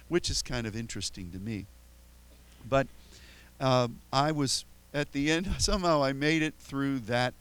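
Older American pastor telling rambling stories. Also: male voice, medium pitch, fairly bright tone, clean tone, rough recording. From United States. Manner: rambling, self-mocking, chatty with many restarts. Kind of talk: anecdotal sermon storytelling.

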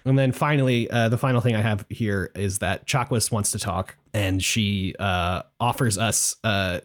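A man co-hosting a podcast, recapping a video game in casual chat, acting out the characters with quick impressions. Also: fairly low pitch. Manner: animated retelling with quick impressions and laughter. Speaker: podcast co-host.

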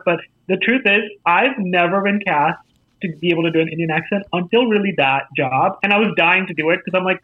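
A man with an American accent tells career stories in a relaxed interview. His voice sits fairly high, and he livens up his anecdotes by acting out the voices of people he quotes. The sound is thin and tinny, like a phone call. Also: quick pace, no room sound. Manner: animated storyteller, acts out quoted voices. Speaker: actor and festival jury guest. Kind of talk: casual interview conversation.

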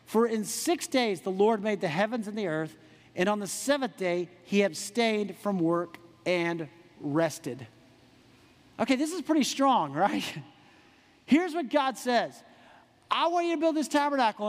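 A man preaching a sermon, animated, with quick asides and rhetorical questions to the congregation. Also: high voice, in a large hall. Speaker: pastor.

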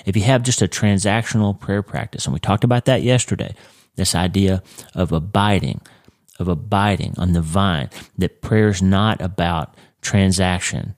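Congested male teacher, very low voice, dry close sound, earnest and explanatory. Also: moderate pace, no room sound. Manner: earnest, explanatory, with occasional restarts. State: congested, with jaw pain. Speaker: Christian teacher of a weekly series. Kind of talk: conversational faith teaching.

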